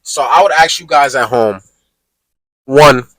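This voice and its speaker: A man's voice: medium pitch, a little slow, a bit bright, no room sound, low-quality recording. A man hosting a podcast in casual, slangy chat, speaking emphatically and addressing listeners directly. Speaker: podcast host.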